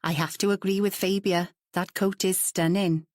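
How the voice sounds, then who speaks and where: A woman's voice: medium pitch, fairly even intonation, moderate pace, darkish tone, no echo, natural voice. A woman voicing a kind, wry woman friend who speaks in a dry, matter-of-fact way, in a storybook reading.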